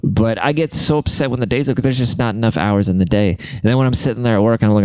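A man's voice: medium pitch, a little fast, hardly any pauses, darkish tone, clear, resonant tone, dry recording. A young man rambling in a casual, profane, self-deprecating monologue as a podcast host.

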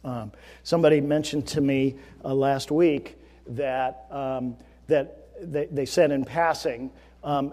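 A man's voice: mid-range voice, steady tone, normal speed, darkish tone. A man preaching an earnest, emphatic sermon as pastor, with frequent fillers and restarts. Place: church sanctuary. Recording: long reverb of a large hall.

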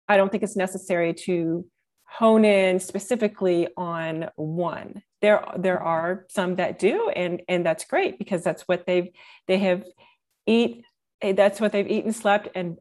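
A woman coach answering interview questions about her work in a measured, reflective way, with frequent restarts. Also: medium pitch, darkish tone. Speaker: career coach guest.

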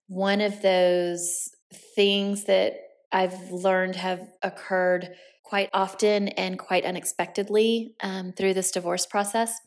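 A woman in her forties hosting a personal podcast, talking candidly and chattily about her own life with the odd filler word. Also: mid-range voice. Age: 40s. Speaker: podcast host.

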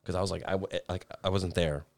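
Low-voiced man telling a rambling story. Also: steady tone, fast talker, vocal fry, no room sound. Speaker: storyteller in a group chat. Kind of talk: casual chat.

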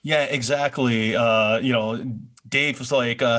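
Male co-host, mid-pitched, easygoing recap talk with plenty of "you know". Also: fairly even intonation, normal speed, a bit bright. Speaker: podcast co-host recapping a TV episode. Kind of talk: casual chat.

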